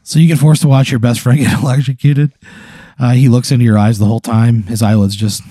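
A man's voice: medium pitch, fairly even intonation, brisk, dark tone, dry recording, clean studio sound. A man hosting a comedy podcast, telling a long absurd hypothetical story full of acted quotes and frequent laughs.

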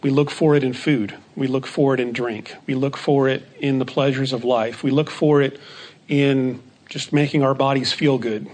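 A man teaching a Bible study lesson in a measured way, repeating key phrases for emphasis. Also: mid-range voice, steady tone, darkish tone.

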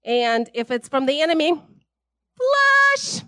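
A woman with a high voice preaches in a relaxed, conversational way. She is chatty and animated, laughs a lot and keeps checking in with her listeners. The sound is close and dry. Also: measured pace, no room sound. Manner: chatty and animated, laughs often, many "right?" tags. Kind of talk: casual, conversational sermon.

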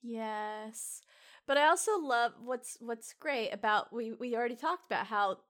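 A woman's voice: a little high, unhurried, fairly bright tone. A woman co-hosting a podcast, chatting casually and enthusiastically, often restarting her sentences and laughing. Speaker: podcast co-host. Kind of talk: casual chat.

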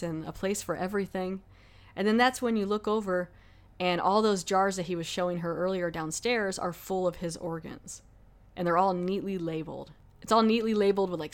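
Woman podcaster rambling about a movie, slightly low voice, lots of "like". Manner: rambling, chatty, lots of "like" fillers. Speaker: podcast host. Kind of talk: casual movie review.

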